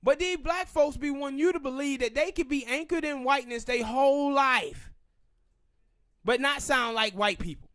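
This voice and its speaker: Southern male podcast host, high-pitched, opinionated, talks with hard emphasis. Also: a bit bright, no room sound, studio quality. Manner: emphatic, ranting, drawn-out pauses. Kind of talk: opinionated casual commentary.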